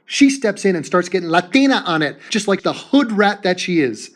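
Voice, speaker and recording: A man's voice: high voice, big pitch swings, normal speed. A man commenting over video clips with crude insults, mocking and laughing as he talks.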